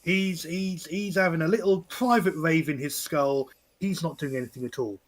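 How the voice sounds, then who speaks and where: A woman's voice: sits low, moderate pace. A woman narrating a tabletop game as game master, laughing often and tripping over repeated words.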